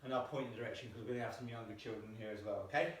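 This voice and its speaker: In a fairly low, steady voice, a man races through his count of jumps during a home fitness class, panting along the way. The small room echoes, the microphone is distant, and a faint hiss or hum runs underneath.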